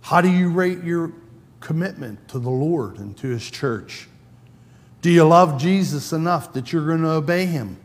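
Slow-preaching man in a reverberant hall. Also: on the high side, animated. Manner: conversational, acts out quoted lines in a raised voice. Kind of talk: sermon. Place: church sanctuary.

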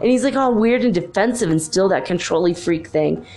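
A woman's voice: lowish voice, animated, fairly quick, darkish tone, slight background noise. A woman talking in a casual vlog monologue, rambling through a story with lots of filler words.

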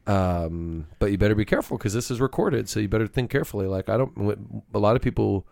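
A man's voice: fairly low pitch, quick pace, gravelly, darkish tone, dry recording, studio quality. A middle-aged man hosting a podcast, talking in a laid-back, rambling, casual way. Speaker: podcast host, father.

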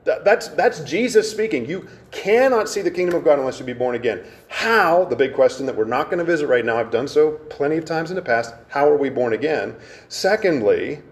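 A man's voice: fairly high pitch, very animated. Man teaching scripture, quizzing his listeners. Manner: engaging, quizzes the congregation, stresses words by slowing down. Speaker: pastor. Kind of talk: conversational Bible teaching.

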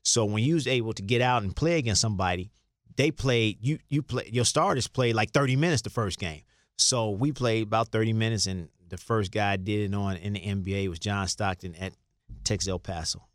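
Low-voiced older man telling stories. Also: brisk, no echo, studio quality. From Chicago. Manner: rambling, restarts, acts out quoted lines. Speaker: guest, former basketball player. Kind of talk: casual storytelling interview.

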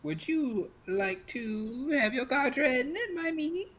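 A man voicing a hunched old woman fortune teller with a crackling voice, slow and knowing. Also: high-pitched, lively intonation, a bit bright, voice pushed up, exaggerated voice. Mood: sly.

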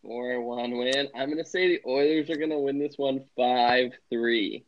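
A man's voice: medium pitch, measured pace. Young man hosting, muffled lo-fi. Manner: rambling, many filler words. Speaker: podcast host. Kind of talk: casual sports podcast chat. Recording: muffled lo-fi sound.

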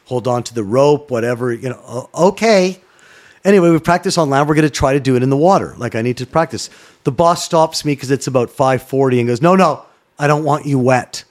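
A middle-aged man from Canada, a former sports broadcaster, telling a story in a casual chat, animated and swearing freely. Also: mid-range voice, quick pace. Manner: animated, swearing, acts out voices in his stories.

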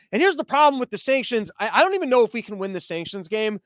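A man with a high voice rants sarcastically about politics, swearing freely and wandering off on tangents. His delivery is loose and comedic. The recording is dry and close. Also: big pitch swings, fast, few pauses, a bit bright, no room sound. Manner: profane, sarcastic, rambling.

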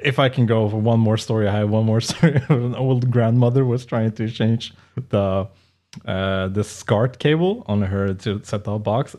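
A man's voice: on the low side, dark tone. A man co-hosting a podcast, telling rambling anecdotes in casual chat and laughing often. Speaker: podcast co-host.

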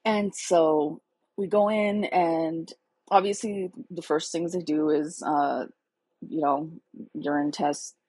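A woman's voice: deep voice, fairly even intonation, slow pace, darkish tone, breathy edge, no echo, low-quality recording. A woman in her thirties candidly telling her own life story in a casual, emotional, chatty way. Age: 30s.

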